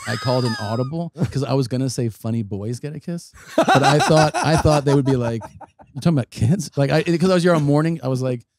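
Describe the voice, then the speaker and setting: A man's voice: mid-range voice, quick pace, a little mellow, no room sound. A middle-aged man, a guest comedian, telling stories in casual podcast chat, acting out other people's lines, swearing and laughing as he talks.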